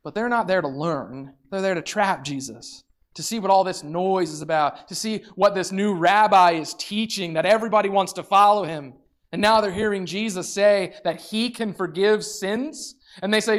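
Animated preacher telling a story. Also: mid-range voice, moderate pace. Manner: animated storytelling, acting out voices. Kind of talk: sermon.

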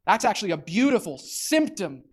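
A man preaching a sermon as pastor, animated, acting out quotes and repeating words as he builds up. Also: sits high, normal speed, slightly rough.

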